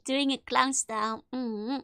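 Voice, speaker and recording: A woman VTuber giving casual let's-play commentary, chatty and quick to laugh. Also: high voice, steady tone, creaky, pushed and bright, clean tone, no echo, clean studio sound. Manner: giggly and chatty, with frequent laughs. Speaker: VTuber streamer.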